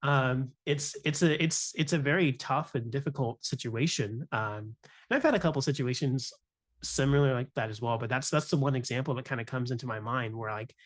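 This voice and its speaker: A man's voice: medium pitch, brisk. A young adult man, a music teacher, talking earnestly and reflectively on a podcast, often adding "you know" and "right?". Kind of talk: candid podcast conversation.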